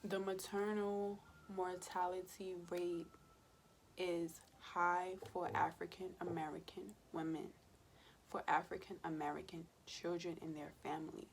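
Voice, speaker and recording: A woman, a birth worker and mother, tells a personal story for a vlog in a casual, emotional way, speaking straight to her viewers and often sinking into a soft whisper. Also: fairly low pitch, little pitch movement, unhurried, gravelly, slight background noise. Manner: conversational, addresses viewers directly.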